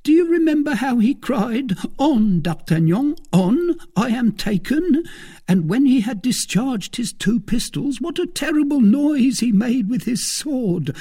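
A man voicing an excitable young male servant in a storybook reading, with a high, strained voice. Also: measured pace, breathy edge, full character voice. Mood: excited.

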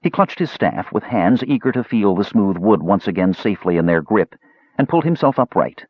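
A man reading a fantasy audiobook with a low, husky voice that rises and falls widely. The recording is dry and dull, with lo-fi muffle. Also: animated, a little fast, no room sound. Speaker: audiobook narrator. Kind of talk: storybook narration.

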